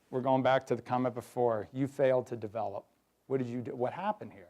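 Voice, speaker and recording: A middle-aged man giving a lively workshop talk to an audience, acting out quoted voices. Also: medium pitch, fast talker. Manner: animated, acts out quoted voices. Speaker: workshop speaker. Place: hotel conference room.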